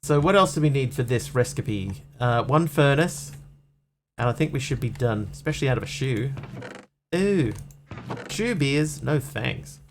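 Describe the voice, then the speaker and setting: A man chats his way through a game stream, joking and reading out messages from chat. His voice sits at an ordinary middle pitch. A faint background hum runs under his talk. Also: lively intonation, unhurried. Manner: chatty, jokey, reads chat aloud. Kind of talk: casual gameplay commentary.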